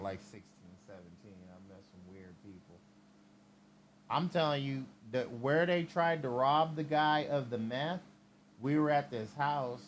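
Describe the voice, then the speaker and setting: A man's voice: mid-range voice, slight background noise. A man hosting a livestream, telling a rambling, heavily profane story in casual chat. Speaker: livestream host.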